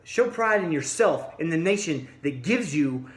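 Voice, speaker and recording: A man delivering an angry, blunt monologue straight at his listeners, swinging from low mutters to loud outbursts. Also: expressive, a little slow, roomy sound. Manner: blunt, combative, addresses listeners directly. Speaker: vlogger.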